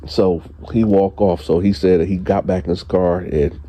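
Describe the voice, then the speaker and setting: A man telling a story in casual, colloquial slang, retelling dialogue in quick back-and-forth. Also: sits low, steady tone, mellow, lo-fi sound. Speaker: storyteller host.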